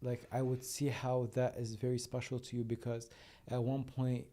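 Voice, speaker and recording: A man's voice: medium pitch, monotone, moderate pace, mellow. A man hosting a podcast, talking in a reflective, encouraging way. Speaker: podcast host. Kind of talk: conversational podcast interview.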